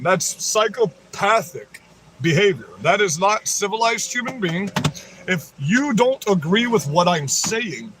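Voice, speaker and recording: A man with a high-pitched voice hosts a livestream, ranting in a heated, profane tirade straight at his audience. He keeps tossing in "you know what I mean" as he presses his points, and a faint hum sits behind him. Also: bright, forceful tone. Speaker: livestream host. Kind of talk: livestream rant.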